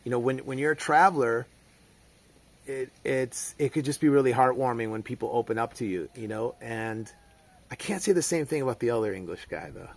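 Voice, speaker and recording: A man's voice: medium pitch, brisk, vocal fry. A middle-aged man, telling a rambling story in a casual monologue full of fillers and restarts. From United States. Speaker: vlogger.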